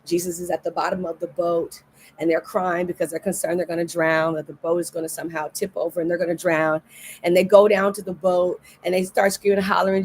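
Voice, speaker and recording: A woman's voice: fairly low pitch, steady tone, fairly quick, a little hiss or hum. A middle-aged woman pastor giving a livestreamed devotional sermon, earnest and repeating key phrases for emphasis. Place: indoors, recorded for a livestream.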